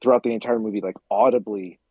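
Husky low-voiced man, dry close sound. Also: steady tone, fast talker, no room sound, narrow, tinny audio. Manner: laughing, anecdotal, imitates others. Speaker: podcast co-host. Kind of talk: casual chat.

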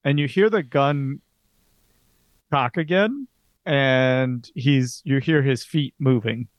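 A man's voice: mid-range voice, slow, no room sound, clean studio sound. A man narrating as game master of a tabletop horror game, describing scenes hesitantly with many fillers.

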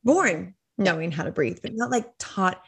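Breathy podcast host lady, easygoing, asks open questions. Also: lowish voice, lively intonation, moderate pace. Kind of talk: casual interview.

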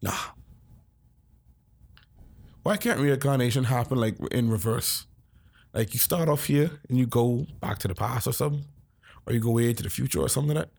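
A man chatting casually as a podcast host, excitable and emphatic, stammering when flustered and protesting loudly when surprised. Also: medium pitch, fast, vocal fry, breathy edge. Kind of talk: casual chat.

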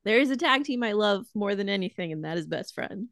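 A woman co-hosting a podcast in casual chat, excitable and gushing, swearing freely. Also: medium pitch, a little fast, no room sound, studio quality. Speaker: podcast co-host.

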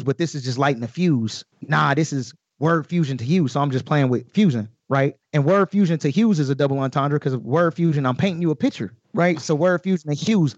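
A man's voice: mid-range voice, dry recording, muffled recording. A man, a guest rapper on a podcast, breaking down his lyrics in loose, slangy casual chat full of swearing.

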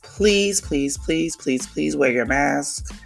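A podcast host from New with a croaky, frog-like voice, talking in a hyped, slangy casual monologue full of shout-outs. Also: medium pitch, fairly even intonation, normal speed, faint music behind. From New York City.

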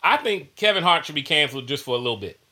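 Casual podcast voice: an animated man, bright and a bit high, who slips into quoted voices while telling stories. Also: fast, breathy edge. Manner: animated, acts out quoted voices, laughs often. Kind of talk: casual chat.

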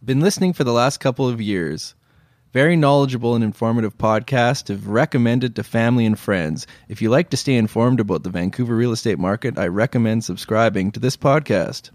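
A man reading out a listener review in a flat, even way. His voice sits at an ordinary pitch. The sound is dry. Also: fairly quick, no echo. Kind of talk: reading aloud.

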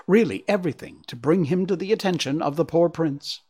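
A man's voice: fairly high pitch, fairly quick, a little mellow, breathy edge, voice pushed up. A man voicing an earnest, mournful male squirrel in a storybook reading. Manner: earnest, lamenting.

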